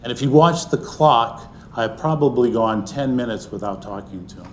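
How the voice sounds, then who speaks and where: A middle-aged man telling a personal story to an audience, earnest, and often sinking into a soft, hushed voice. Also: mid-range voice, normal speed, slight background noise. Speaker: speaker sharing a personal story.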